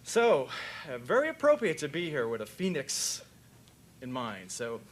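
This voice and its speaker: A man's voice: on the high side, unhurried. Folksy older man giving a convention talk. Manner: folksy, joking, animated storyteller. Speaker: veterinarian speaking at a convention. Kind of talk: conference talk with told jokes. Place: convention hall.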